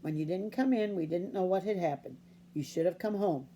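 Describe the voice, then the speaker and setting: A gentle, slow-talking farmer dad, as a woman reads him. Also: lowish voice, slight background noise, lightly acted. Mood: calm. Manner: slow, calm and soft. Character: gentle, calm farmer father.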